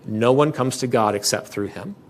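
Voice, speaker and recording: A man preaching a sermon with an earnest, emphatic delivery, pressing his points hard and often circling back to restart a phrase. His voice sits at an ordinary middle pitch, and he speaks as a pastor addressing his congregation in a church. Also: moderate pace.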